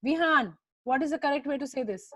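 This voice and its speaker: High-voiced Indian woman teacher coaxing. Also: lively intonation, a bit bright. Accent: Indian English. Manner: coaxing, brisk prompting with repeated phrases. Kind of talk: online English grammar class for children. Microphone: video call.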